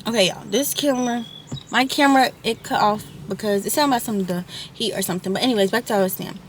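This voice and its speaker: A young woman of eighteen tells a long storytime to her viewers in a slightly high voice. She talks casually and rambles, filling her speech with "like" and "y'all". Her camera mic picks up faint background noise. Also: fast talker. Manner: chatty, rambling, many "like" and "y'all" asides. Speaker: vlogger.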